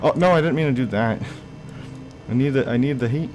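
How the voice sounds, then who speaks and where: A man's voice: mid-range voice, fairly quick, darkish tone, faint music behind. A young man giving casual let's-play commentary on a horror game, reacting aloud with gasps and plenty of fillers. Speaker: gaming YouTuber.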